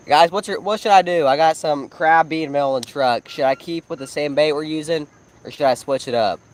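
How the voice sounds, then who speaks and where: A man's voice: a little high, a little fast, rough recording. A man chatting casually on a live night fishing stream outdoors by a pond, telling fishing stories and asking viewers to choose the bait. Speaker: fishing channel co-host.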